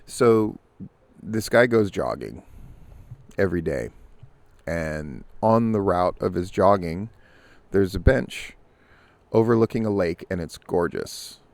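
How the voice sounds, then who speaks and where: A man's voice: sits low, animated, slow pace, gravelly, long pauses, no room sound. A man hosting a news and commentary show, casually telling a long joke in a conversational storytelling way. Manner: storytelling, conversational with filler restarts.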